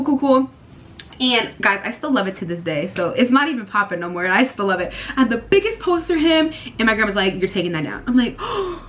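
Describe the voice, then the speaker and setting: A young woman in her twenties chatting casually to camera, telling a personal story in an animated way and talking to her viewers as y'all. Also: on the high side.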